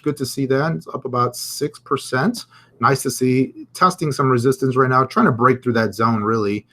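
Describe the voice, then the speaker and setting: A man runs a live crypto market stream, offering casual commentary on the charts. He's chatty and thinks out loud while reading viewer comments, speaking at a medium pitch.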